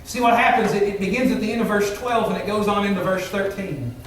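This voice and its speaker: A man's voice: high voice, quick pace, distant mic, a little hiss or hum. A man preaching a sermon as pastor, earnest and emphatic, asking the congregation rhetorical questions. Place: church sanctuary. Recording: echoey church hall, mic from afar.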